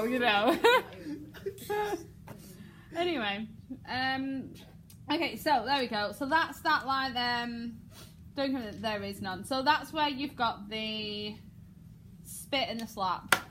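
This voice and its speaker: A fairly high-voiced English woman runs a drama class, jumping into the lines herself and breaking into laughter between them. The recording has clear background noise from the room. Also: slow, long pauses. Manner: animated, acts out lines and laughs often. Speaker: drama teacher. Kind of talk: drama lesson, acting out lines.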